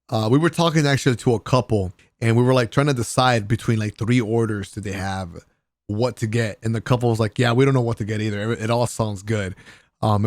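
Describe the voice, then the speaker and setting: A young man casually telling the story of a trip in a vlog voice-over, excitable and full of slang, sometimes breaking into laughs. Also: no room sound. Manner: animated, laughing, swearing, mimics friends in raised pitch. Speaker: vlogger.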